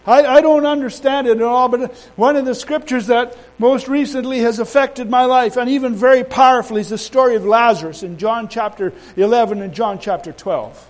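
A man preaching a sermon in a folksy, rambling way, breaking off and restarting, then building to loud, emphatic declarations. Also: extremely high pitch, fairly quick, hardly any pauses, poor audio. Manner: folksy asides and humor.

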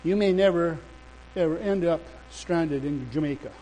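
A male preacher delivering a sermon and telling a story in an animated, emphatic way. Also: a little high, normal speed, slight background noise, poor audio.

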